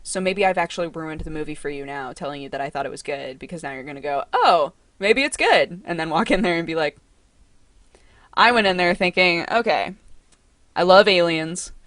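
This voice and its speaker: A young woman hosting a casual livestream from home. She talks in a chatty, excitable way and coos to her cat. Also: low-pitched, brisk, dry recording. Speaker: livestream host.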